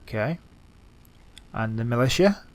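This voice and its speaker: A man's voice: mid-range voice, expressive, measured pace, dry recording. A man casually commentating his own gameplay, joking and talking back to the characters on screen. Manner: jokey, talks back to the characters. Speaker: let's-play gamer.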